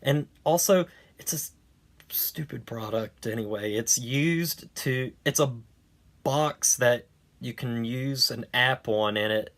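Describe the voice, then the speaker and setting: A man talks through a movie review in an unhurried way, wry and a little sarcastic. He rambles, trips over his words and restarts his sentences, and his voice sits at an ordinary mid pitch. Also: a bit bright. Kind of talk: casual spoken review.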